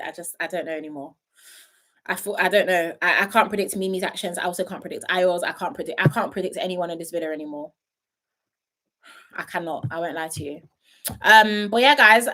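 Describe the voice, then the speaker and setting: A woman's voice: mid-range voice, sharp tone. A young woman casually chatting on a live stream, reading viewer comments with playful asides, frequent laughs and trailing ums. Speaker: reality show commentator.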